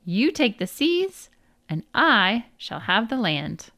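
A woman's voice: a little high, big pitch swings, takes it slowly, sharp tone, no room sound, clean studio sound, heavily acted. A woman voicing a huge, proud, boastful male elephant in a storybook reading. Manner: boastful, pompous. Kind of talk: storybook read-aloud.

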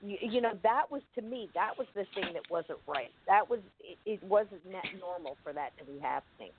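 A woman casually recounting a personal story, vivid and animated. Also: fairly low pitch, moderate pace, slight background noise. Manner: vivid, animated retelling with acted-out moments. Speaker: guest telling a personal story. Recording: tinny phone-line sound, dry.

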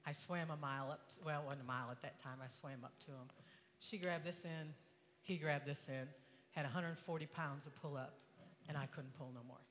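An older woman giving a motivational talk to an audience, impassioned, swinging from hushed tones to shouting. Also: sits low, fairly even intonation, brisk, big-room sound, a little hiss or hum. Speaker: inspirational speaker.

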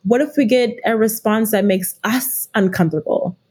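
A woman's voice: mid-range voice, normal speed, a little mellow, husky. A middle-aged woman speaking as a guest expert in a podcast interview, reflective and often restarting her sentences. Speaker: guest expert, leadership consultant.

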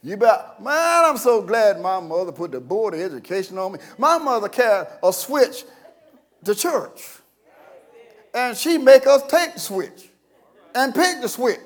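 A man preaching a sermon as pastor, folksy and storytelling, breaking into sudden shouts and chuckles. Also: sits high, big pitch swings, a little slow.

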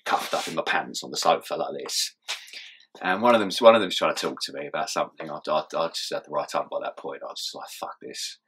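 A young man recounts events in a loose, sweary way, often laughing mid-sentence. His voice sits low and sounds husky. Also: quick pace, a bit bright. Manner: swears often and laughs through his story, mumbling asides. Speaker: interview guest. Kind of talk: casual storytelling interview.

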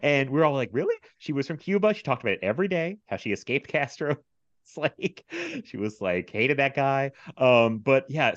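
A man hosting a casual movie podcast, telling stories with laughter and animated bursts. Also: mid-range voice, no echo. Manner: animated storyteller, laughs often. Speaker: podcast host. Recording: dry, slightly dull sound.

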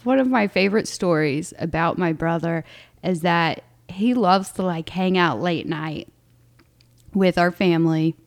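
A woman's voice: lowish voice, unhurried, dry recording, clean studio sound. A young adult woman co-hosting a podcast, chatting casually and laughing often as she tells family stories. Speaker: podcast co-host. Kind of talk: casual chat.

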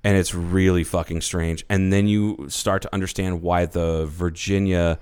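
A man co-hosting a podcast, chatting casually with animated, profane, rambling enthusiasm. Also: low voice, unhurried, clean tone. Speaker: podcast co-host. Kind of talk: casual chat.

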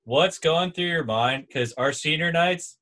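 Young man telling an animated sports story. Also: on the high side, measured pace. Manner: animated storyteller, acts out quotes. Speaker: former volleyball player. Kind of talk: casual storytelling chat.

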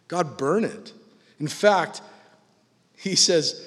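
Man, pastor, bright forceful tone, animated sermon with sarcastic asides, long reverb of a large hall. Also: on the high side, moderate pace. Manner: animated, mocking asides, acts out quoted voices.

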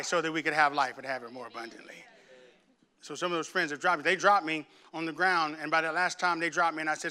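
A man preaching a sermon, telling his own story in hushed tones and then rising to loud preaching aimed straight at his listeners. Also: on the high side, steady tone, quick pace. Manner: speaks straight to viewers and congregation. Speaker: pastor. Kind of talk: sermon with personal testimony.

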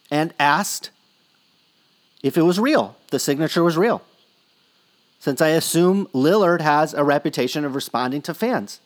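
A male podcast host talking casually about sports cards. He rambles a little as he chats, in a somewhat higher voice. His delivery is loose and conversational.

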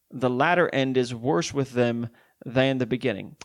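A man preaching a sermon, reading Bible verses aloud slowly and explaining them emphatically. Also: medium pitch, steady tone.

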